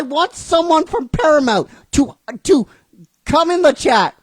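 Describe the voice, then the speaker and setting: A woman hosting a show, ranting in excited disbelief, swearing and laughing. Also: sits high, unhurried, dry recording. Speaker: host. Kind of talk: casual ranting commentary.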